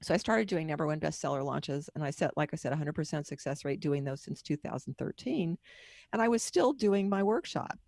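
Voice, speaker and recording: In a candid podcast interview, a middle-aged author and book marketing coach tells long, personal stories that drift between points. She speaks briskly with lively intonation, her low, darkish voice gravelly and heavy with fry. The recording is close and dry, without any room echo.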